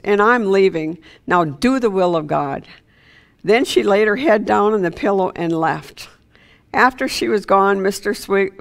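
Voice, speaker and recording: A woman delivering an informal sermon in a loose, conversational way. She trips over her words, circles back and fills pauses with "um" and "uh" as she goes. Her voice sits at a middle pitch. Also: vocal fry. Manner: conversational, with many fillers and restarts. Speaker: preacher.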